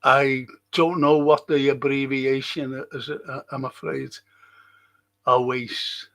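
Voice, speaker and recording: A man's voice: mid-range voice, level tone, slow pace, gravelly. A man hosting a livestream, chatting casually and reading viewer comments aloud. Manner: reads viewer comments aloud, chatty and warm-hearted asides. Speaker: livestream host reading chat.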